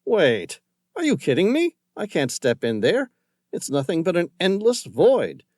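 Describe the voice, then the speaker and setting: A man's voice: on the high side, big pitch swings, moderate pace, darkish tone, breathy edge, no room sound, studio quality, pitched above the performer's own voice. A man voicing a frightened, stranded male writer who protests anxiously, in an audiobook thriller. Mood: panicked.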